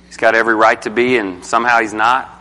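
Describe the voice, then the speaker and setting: A man's voice: mid-range voice, fairly even intonation, quick pace, pushed and bright, long reverb tail. A man teaching a group Bible study in a casual, emphatic way, often asking the group questions.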